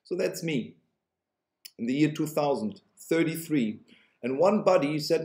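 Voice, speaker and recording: Preaching to the camera in an unhurried, expressive way, this German-accented man runs an online religious channel. His delivery is sarcastic and emphatic, driving points home through repetition, with widely swooping pitch. The tone is a little mellow, ringing in an echoey room.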